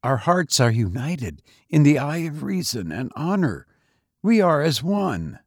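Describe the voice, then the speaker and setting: A man's voice: sing-song, measured pace, breathy edge, dry recording, clean studio sound, exaggerated voice. A man voicing an idealistic young male student who speaks earnestly and urgently. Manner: earnest, high-pitched pleading.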